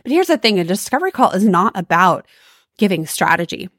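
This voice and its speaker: A woman's voice: medium pitch, sing-song, a little fast, a bit bright, no echo, studio quality. A woman hosting a solo podcast, giving upbeat, emphatic coaching advice on sales calls. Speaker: podcast host.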